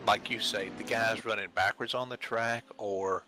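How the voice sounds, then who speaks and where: A man's voice: lowish voice, fairly even intonation, normal speed, bright, forceful tone, slight background noise. A man in casual voice chat, speaking in a friendly, straightforward way about his years in online sim racing.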